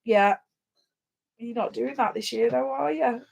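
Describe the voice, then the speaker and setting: A woman's voice: fairly high pitch, measured pace, creaky, darkish tone. A woman co-hosting a livestream in casual, rambling chat. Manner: chatty and rambling. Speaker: livestream co-host.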